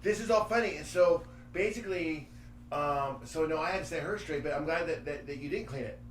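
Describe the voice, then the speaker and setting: A man chatting casually on a livestream, interrupting and trying to calm his partner down. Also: fairly high pitch, fairly quick, slight background noise. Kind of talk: casual chat.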